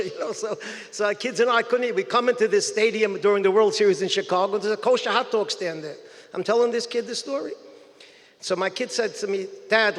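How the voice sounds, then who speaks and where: A man giving a keynote speech, telling animated anecdotes and acting out quotes. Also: high-pitched. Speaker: keynote speaker. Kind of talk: storytelling speech. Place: event hall. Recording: long hall reverb.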